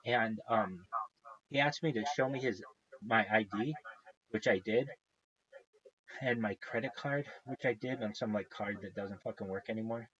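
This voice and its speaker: A man's voice: on the low side, normal speed, pauses often, fairly bright tone, husky, lo-fi sound. A man talking casually to his stream viewers as a live streamer, swearing often and getting worked up as he rants. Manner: profane, ranting, worked-up.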